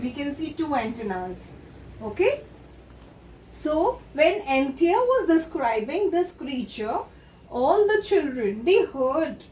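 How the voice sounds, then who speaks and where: A teacher with a high, slightly mellow voice speaks slowly to children, patiently unpacking a story and the meanings of its words. The mic picks her up from afar in an echoey room with faint background noise.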